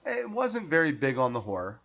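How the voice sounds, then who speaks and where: A man's voice: fairly high pitch, huge pitch swings, brisk, gravelly, lo-fi sound. A man co-hosting a casual film discussion podcast, chatty and easygoing, laughing often. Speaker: podcast co-host.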